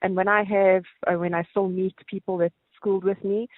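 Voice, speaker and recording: A woman's voice: mid-range voice, fairly quick, no echo. Chatty South African woman on the phone. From Johannesburg, South Africa. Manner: chatty, animated storytelling. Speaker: caller. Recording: tinny phone line.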